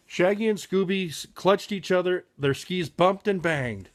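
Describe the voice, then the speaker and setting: A man's voice: high-pitched, unhurried, few pauses. A man reading a children's picture book aloud with frequent slips and self-corrections.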